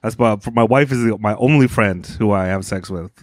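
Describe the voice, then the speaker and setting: A podcast co-host jokes and teases in casual chat, speaking briskly in a lowish voice. The sound is clean studio audio with no echo.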